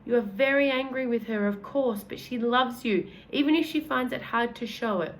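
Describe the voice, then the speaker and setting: A woman voicing a kindly, gentlemanly old male tramp who talks in a polite, old-fashioned, fatherly way. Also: a little high, moderate pace, slight background noise, lightly acted. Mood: gentle.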